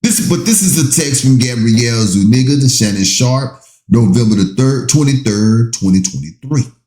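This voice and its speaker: A man reading out documents and adding his own comments, slow and emphatic, breaking into exasperated asides. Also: mid-range voice, expressive, warm tone, roomy sound. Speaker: commentator reading a legal statement.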